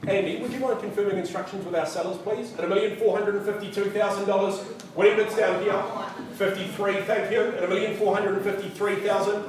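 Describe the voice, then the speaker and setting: A man's voice: high voice, steady tone, fairly quick, a crowd in the background. A man calling a live auction indoors, rattling off bids and teasing the bidders with playful asides. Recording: very echoey room, voice from a distance.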